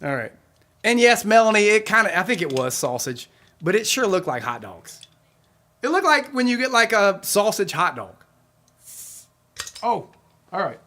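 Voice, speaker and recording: A man's voice: high voice, sing-song, normal speed, pauses often, sharp tone. A man hosting a weekly live concert stream, chatting casually and rambling with his viewers and laughing often.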